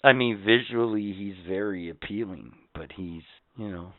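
A man's voice: fairly low pitch, moderate pace, slight background noise. A man co-hosting a casual podcast chat, telling stories in an angry, profane rant. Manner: profane, ranting storyteller. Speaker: podcast co-host. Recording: tinny phone-like sound.

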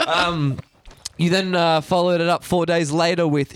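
Man, podcast co-host, teasing and joking, a bit higher voice. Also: fairly even intonation, a little slow. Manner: teasing, reads listener posts aloud. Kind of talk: casual chat.

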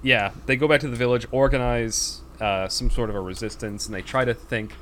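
A man's voice: medium pitch, fairly even intonation, brisk, fairly bright tone, slight background noise. A man chatting casually on a podcast, retelling a film's plot in a rambling way with many fillers and acted-out quotes. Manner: rambling storyteller with fillers, acts out quoted lines.

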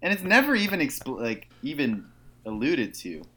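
A man's voice: medium pitch, normal speed, husky. A man co-hosting a podcast, chatting casually about a movie, swearing and laughing a lot. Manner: profane, animated, laughing often. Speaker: podcast co-host.

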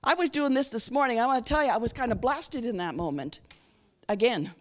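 A woman giving a sermon in a high voice that rises and falls with a lot of life. She keeps checking in with her listeners, asking them to answer her, then slows into a soft guided reflection. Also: expressive. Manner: interactive, asks the audience frequent questions; leads a guided reflection, slow and soft at times. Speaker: guest speaker.

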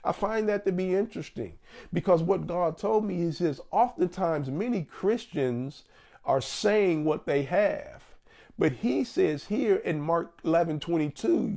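A man in his fifties preaching a sermon as a guest pastor, with emphatic swings and slow stressed phrases. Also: fairly high pitch, vocal fry, a little mellow. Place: church.

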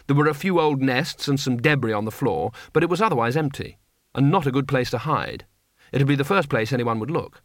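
A man's voice: mid-range voice, fairly bright tone, no echo. Man narrating an audiobook, dry. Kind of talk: scripted narration.

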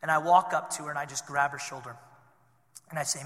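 A man preaching a sermon as pastor, telling a story in a conversational way with animated bursts. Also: a little high, fast talker, long reverb tail. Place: church sanctuary.

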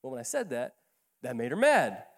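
A man's voice: mid-range voice, huge pitch swings, moderate pace. A man pastor telling a story in a sermon, talking in a conversational, folksy way and often repeating words. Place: church sanctuary. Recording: echoey church hall.

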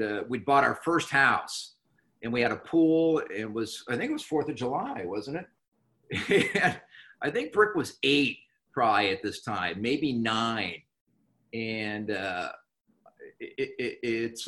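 A middle-aged man telling his own recovery story candidly, halting with many restarts and wry laughs. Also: medium pitch, a bit bright. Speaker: recovering alcoholic guest.

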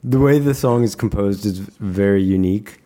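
Podcast guy, dry nitpicky chat, dark mellow voice. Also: on the low side, normal speed. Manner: dry, pedantic, reads quotes aloud. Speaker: podcast co-host. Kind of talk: casual chat.

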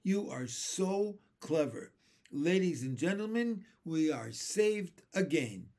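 A man's voice: fairly high pitch, very animated, slow pace, a little mellow, pitched above the performer's own voice, exaggerated voice. A man reading aloud and voicing a kindly, fatherly old male grasshopper in a storybook. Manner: fatherly, reassuring.

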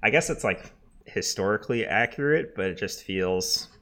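A man's voice: on the low side, lively intonation, moderate pace, bright, forceful tone. A man co-hosting a podcast, chatting casually about a TV show in a loose, rambling way with many fillers and restarts. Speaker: podcast co-host.

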